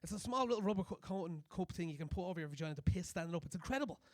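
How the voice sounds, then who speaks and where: Man, stand-up comedian, high-pitched, rapid delivery, crude and animated, club stage mic. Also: no room sound, clean studio sound. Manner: brash, crude and animated, acting out scenes.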